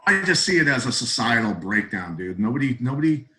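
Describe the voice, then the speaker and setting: Blunt, animated middle-aged man. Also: mid-range voice, brisk, poor audio. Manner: animated storyteller, blunt and emphatic. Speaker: guest, retired fighter and coach. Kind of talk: casual podcast storytelling.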